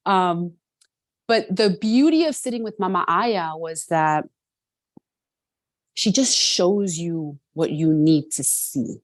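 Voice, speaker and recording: A woman's voice: lowish voice, slow, pauses often, no room sound. A middle-aged woman from New York City, a guest telling her personal story in an earnest way, often adding "right?", over a video call.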